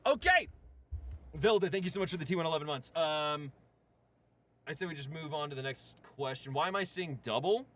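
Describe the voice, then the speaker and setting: A man's voice: on the high side, lively intonation, fairly quick, a bit bright. A man hosting a livestream, joking irreverently and thanking subscribers. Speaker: streamer host. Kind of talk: casual livestream chat.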